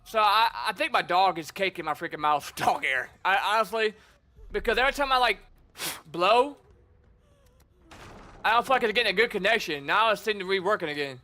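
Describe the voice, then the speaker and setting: A young man streaming a game, talking casually and excitably, swearing and calling people bro and dude. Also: high-pitched, fairly quick. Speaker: gaming streamer. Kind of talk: casual gameplay commentary.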